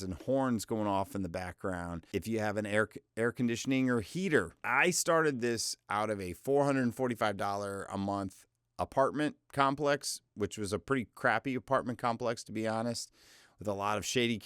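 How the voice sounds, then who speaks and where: A man in his forties with a lowish, fairly bright, clear, and resonant voice coaches voiceover work, recorded in a clean studio with no room sound. His casual instruction is loose, chatty, and self-deprecating, and his voice often cracks.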